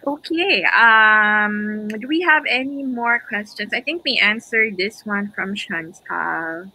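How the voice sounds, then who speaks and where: Over a video call, a woman hosting a live stream chats in a casual, encouraging way, laughing between phrases; she has a Filipino accent, and Filipino is her first language. She speaks slowly in a mid-range voice with a sharp tone, and the audio is poor.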